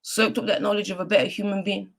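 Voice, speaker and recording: A woman's voice: medium pitch, level tone, fast talker, gravelly. A woman speaking as a guest poet on a video call, reciting spoken word poetry and then chatting in a heartfelt, earnest way.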